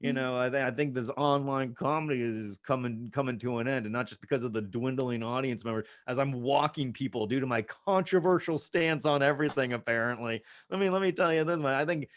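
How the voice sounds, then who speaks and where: A man's voice: medium pitch, fairly quick, hardly any pauses. A young man doing a loose, sarcastic stand-up set over a video call, full of asides and banter. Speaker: stand-up comedian.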